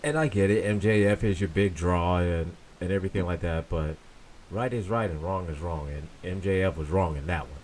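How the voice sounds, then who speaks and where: A man co-hosting a casual wrestling talk show, speaking haltingly with fillers and restarts. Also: deep voice, a little mellow, slight background noise. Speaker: podcast co-host.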